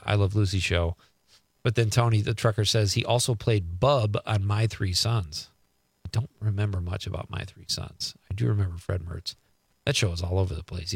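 A man's voice: fairly low pitch, vocal fry, no room sound, clean studio sound. A middle-aged man hosting a radio show, chatting casually as he reads listener texts aloud and riffs on each one.

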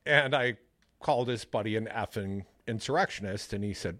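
A man's voice: on the low side, moderate pace, dry recording, studio quality. A man hosting a political talk radio show, chatting wryly and taking callers. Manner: wry, lively, takes callers.

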